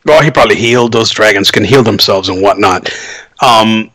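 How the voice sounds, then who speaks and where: A man's voice: on the low side, moderate pace, fairly bright tone. A man playing a tabletop game, speaking partly in character in a dry, matter-of-fact way. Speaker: player.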